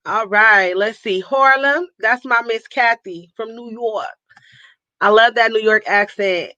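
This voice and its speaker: A woman's voice: on the high side, a little slow, bright, forceful tone, no room sound, dull audio. A woman from Northern California hosting a casual livestream, cheerfully reading out where her viewers are watching from and hyping them up with nicknames. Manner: upbeat, hypes viewers with call-outs and nicknames. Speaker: livestream host.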